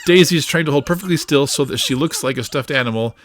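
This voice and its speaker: A woman hosting a reaction show, narrating a cartoon excitedly, laughing and sometimes hushing her voice. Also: low-pitched, quick pace. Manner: excitable, laughing, often drops to a hushed voice. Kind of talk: live reaction commentary on a cartoon.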